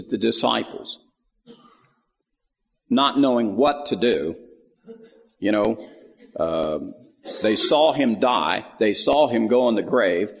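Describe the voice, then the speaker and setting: A man teaches scripture in a relaxed, folksy storytelling way, acting out the lines of the people in the story. His voice is gravelly and a bit husky. It rings in a hall with a long echo. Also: on the low side. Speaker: Bible teacher. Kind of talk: Bible teaching.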